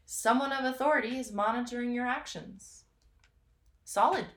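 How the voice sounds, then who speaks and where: A woman's voice: a little high, moderate pace, fairly bright tone. Laughy teasing lady running a word game, roomy echo. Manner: giggly, teasing. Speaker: host. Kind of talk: casual chat game.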